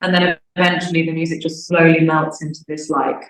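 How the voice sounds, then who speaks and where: A woman's voice: low voice, fairly quick. A young woman, an opera singer, chatting casually in an interview and acting out bits of dialogue. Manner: chatty, animated, acts out little quoted bits of dialogue. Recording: echoey room.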